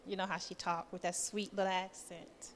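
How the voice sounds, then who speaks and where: A woman's voice: fairly low pitch, flat delivery, normal speed. A woman giving a testimony sermon in church, telling her story in a nervous, chatty way and acting out the voices of the people in it. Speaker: church member preaching. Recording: reverberant church hall.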